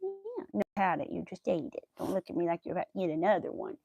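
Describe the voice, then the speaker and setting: A young woman crocheting on a livestream from home with a clip-on mic, chatting with viewers and softly counting her stitches. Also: fairly low pitch, steady tone, very fast, gravelly, breathy edge, no echo, muffled recording. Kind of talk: casual chat while crocheting on stream.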